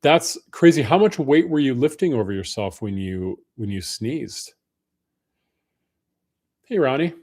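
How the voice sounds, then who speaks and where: A man's voice: mid-range voice, animated, a little slow, long pauses, darkish tone. A man hosting a casual live stream Q&A, greeting viewers by name in a friendly way. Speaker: livestream host.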